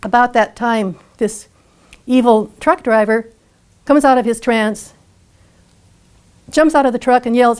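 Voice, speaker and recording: A woman's voice: a little high, measured pace, pauses often, a little mellow, clean tone. Woman telling a dramatic personal story. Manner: vivid, dramatic retelling with occasional laughs. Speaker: featured speaker.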